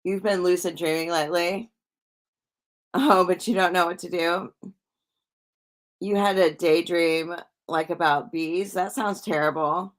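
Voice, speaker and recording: A middle-aged woman chats on a livestream in a rambling, easygoing way, answering viewer comments as she goes. Her voice sits a little low, and she takes her time over every phrase. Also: steady tone, unhurried, pauses often. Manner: chatty and rambling, with frequent restarts and soft laughs. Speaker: psychic livestream host. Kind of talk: casual livestream chat reading viewer comments.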